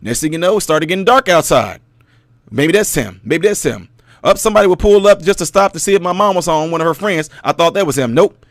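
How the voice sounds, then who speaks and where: Animated, preachy man with a high voice. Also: brisk, no echo, studio quality. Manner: preachy, storytelling, rhetorical questions to the audience; animated, mocking put-on voices. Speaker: commentary channel host. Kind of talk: casual monologue commentary.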